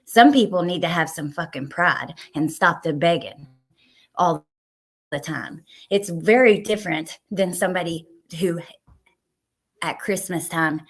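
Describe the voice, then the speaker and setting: A woman hosting a casual live stream, reading viewer comments aloud. She swears heatedly at people in her chat and then thanks her chatters warmly. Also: low voice, husky.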